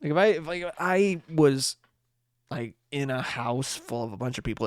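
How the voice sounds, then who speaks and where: A man's voice: medium pitch, animated, moderate pace, clear, resonant tone, no room sound, studio quality. A man hosting a late-night podcast, chatting in a rambling, upbeat way full of fillers and restarts. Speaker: podcast host.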